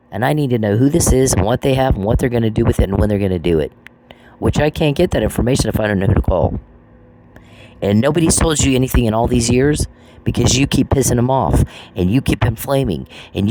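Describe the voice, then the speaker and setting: A man in an angry monologue aimed at one person, swearing and repeating his accusations. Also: medium pitch. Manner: profane, accusatory and repetitive. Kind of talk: angry monologue addressed to someone. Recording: noisy recording with clicks.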